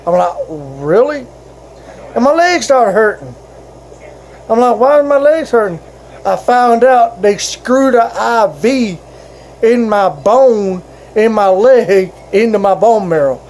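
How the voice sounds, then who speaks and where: A man's voice: sits high, animated, a little mellow, slight background noise, poor audio. A man telling his fellow vloggers a personal story in a casual, rambling way, stopping and restarting often. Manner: halting, rambling, with frequent restarts.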